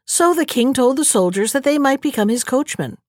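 A woman's voice: sits high, no echo, studio quality. Woman reading a fairy tale aloud. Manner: steady, measured storytelling. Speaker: narrator. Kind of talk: fairy tale audiobook narration.

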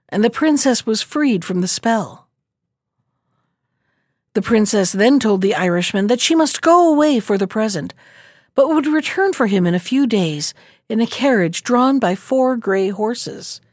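A woman narrating a folk tale in a measured, even storytelling manner. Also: mid-range voice, no echo, clean studio sound.

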